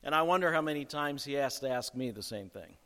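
A man's voice: medium pitch, expressive, fast talker, a bit bright, in a large hall. A man preaching a sermon as pastor, conversational and emphatic, with chuckles along the way.

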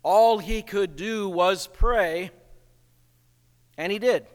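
A male pastor preaching a sermon in a church, slow and emphatic, asking rhetorical questions. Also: high-pitched, big-room sound.

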